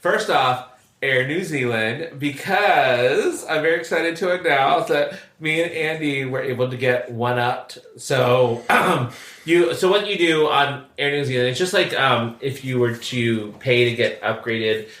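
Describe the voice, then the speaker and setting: A man's voice: mid-range voice, unhurried, fairly bright tone, reverberant. A man co-hosting a podcast, chatting casually and rambling with frequent laughs. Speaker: podcast co-host. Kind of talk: casual chat.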